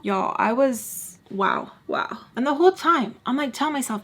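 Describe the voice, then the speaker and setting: A young woman telling a story to her viewers, chatty and animated, speaking straight to the camera from home. She fills her talk with "like" and "y'all" and acts out what each person said. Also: a little high, fairly quick, few pauses. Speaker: storytime vlogger. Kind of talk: casual storytelling.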